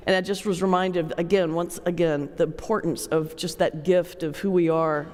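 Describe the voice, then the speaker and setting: A man with a Southern US accent, a preacher telling a folksy, animated story on a panel. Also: on the high side, moderate pace. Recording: hall reverb.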